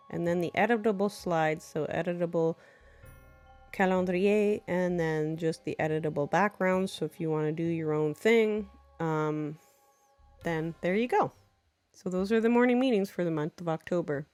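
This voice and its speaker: A woman teacher giving an unscripted walkthrough of her classroom games. She talks in a chatty, playful way, drops in quick French examples, and teases herself in small asides. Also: on the low side. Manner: jumps into lively French examples while explaining.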